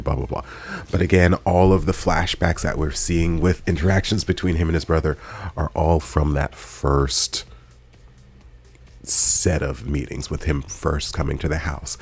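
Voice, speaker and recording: A man's voice: a bass voice, steady tone, unhurried, a little mellow, breathy edge, soft background music. A man hosting a reaction video, recapping an episode in casual, chatty commentary with playful quoted asides.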